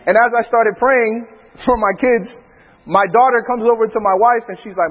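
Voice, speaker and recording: A man who is a preacher, telling funny family stories in a laughing, animated way. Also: very high-pitched, moderate pace, long reverb tail, dull audio. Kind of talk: storytelling in casual talk.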